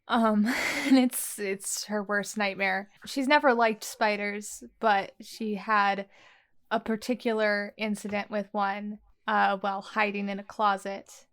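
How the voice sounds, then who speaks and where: A woman's voice: mid-range voice, little pitch movement, slow pace, fairly bright tone, smooth. A woman describing her character's fears as a player in a tabletop game, in earnest storytelling.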